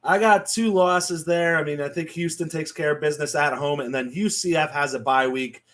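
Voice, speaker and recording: A bit bright and on the high side, this man's voice keeps fairly even intonation at a moderate pace. As a podcast co-host he's chatty and joking, laughing often while breaking down college football picks for casual betting chat.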